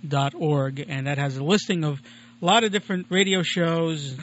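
A man's voice: a little high, steady tone, moderate pace, fairly bright tone, a little hiss or hum. Rambling chatty male podcast host. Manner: chatty, digressive, self-deprecating. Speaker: radio show host. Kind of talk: casual rambling monologue. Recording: lo-fi muffled recording.

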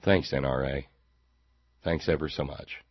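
A man's voice: very deep voice, fairly even intonation, unhurried, no room sound, muffled recording. A man hosting a talk show, giving a sarcastic, rambling political monologue and repeating words as he goes.

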